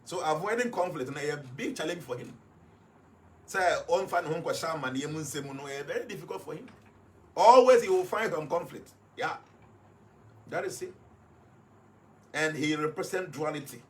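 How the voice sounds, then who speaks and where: A man with a Ghanaian accent, a life coach in casual talk, switching often between English and Twi and repeating words with many fillers. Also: a little high.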